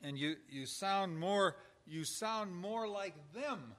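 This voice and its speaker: Working through numbered points, a male instructor on pastoral caregiving lectures informally to caregivers in a slightly high, a bit bright voice. He goes slowly with lively intonation, staying conversational and slipping into brief acted-out exchanges, quoted dialogue showing what to say.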